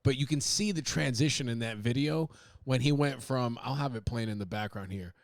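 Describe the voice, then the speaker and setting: A man with a creaky, medium-pitched voice hosts a podcast at a moderate pace, riffing loosely and crudely and chuckling at his own material. The sound is clean studio audio without room sound.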